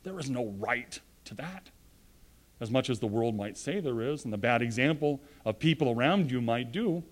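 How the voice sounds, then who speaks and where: A man delivers a sermon in a middle-pitched voice. He is earnest and swings widely in loudness, pressing points hard and then sinking to quiet, low-voiced asides. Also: animated, normal speed. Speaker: preacher.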